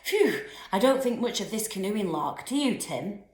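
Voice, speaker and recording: Woman reading as a goofy cheerful schoolboy, jokey, giggly, bouncy pitch, roomy. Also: sing-song, moderate pace, a little mellow, close to an everyday voice. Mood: playful. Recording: roomy echoey room.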